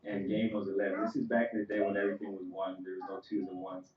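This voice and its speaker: Low-voiced man giving a eulogy in church. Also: completely flat delivery, quick pace, echoey room, highs cut off. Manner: conversational and storytelling, with frequent "you know" asides. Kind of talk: personal eulogy at a funeral. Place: church sanctuary.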